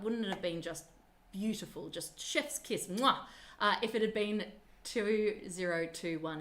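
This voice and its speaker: A woman's voice: medium pitch, fairly bright tone. A woman hosts a live stream in a chatty, upbeat way. She talks straight to the children watching at home. Her tone is casual and friendly. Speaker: live-stream presenter at a penguin nature park.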